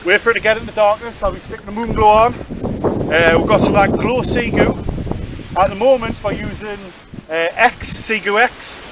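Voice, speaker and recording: Jokey high-voiced man, wind-buffeted. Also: normal speed. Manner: jokey, chatty, playful. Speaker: angler vlogger. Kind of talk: casual outdoor vlog commentary. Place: open beach on a windy evening. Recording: wind noise on the mic.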